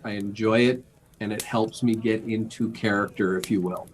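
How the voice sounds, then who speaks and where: A man's voice: on the low side, steady tone, moderate pace. Hesitant man chatting casually. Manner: hesitant, many filler words, self-deprecating. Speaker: game master. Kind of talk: casual discussion.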